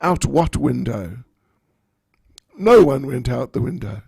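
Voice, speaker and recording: A man voicing a bold, quick-witted young woman who makes arrogant, dismissive retorts. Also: mid-range voice, lively intonation, vocal fry, a little mellow, breathy edge, no room sound, heavily acted.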